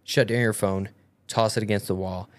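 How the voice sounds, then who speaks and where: A woman's voice: a bass voice, fairly even intonation, normal speed. A woman co-hosting a podcast in casual chat, goofy and rambling, with many fillers and restarts. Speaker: podcast co-host.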